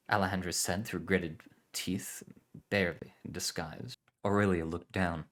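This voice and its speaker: A man calmly narrating a story for a relaxed listen. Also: sits low, fairly quick.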